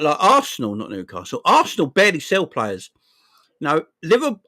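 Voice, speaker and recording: A man's voice: a little high, dry recording, clean studio sound. Chatty South London man in his forties. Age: 40s. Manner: rambling, chatty, swears, shouts out viewers. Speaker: football channel host. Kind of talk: casual livestream chat.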